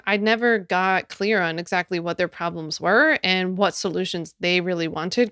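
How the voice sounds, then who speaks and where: A woman hosting a casual solo podcast, chatty and quick to laugh, with sarcastic asides. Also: lowish voice, a bit bright, smooth, no echo, studio quality. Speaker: podcast host.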